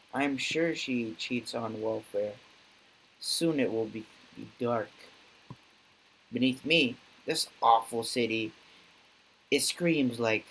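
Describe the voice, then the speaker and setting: Grim vigilante guy writing his journal, a man reading it out, slow, clipped, flat. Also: medium pitch, a little hiss or hum, natural voice, poor audio. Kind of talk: amateur dramatic reading.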